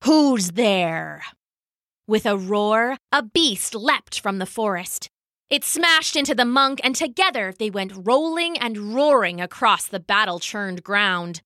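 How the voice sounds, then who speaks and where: A woman storyteller reading a children's adventure story in an expressive, animated way. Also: medium pitch, measured pace, no echo, clean studio sound. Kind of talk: scripted children's story narration.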